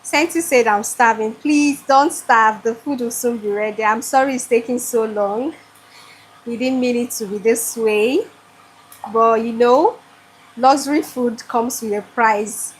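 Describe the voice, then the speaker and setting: A woman's voice: a little high, unhurried, breathy edge. A Nigerian woman hosting a live cooking stream from her home kitchen, talking to her viewers in an effusive way, with a generator running behind her. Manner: effusive, talks straight to viewers. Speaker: cooking show host.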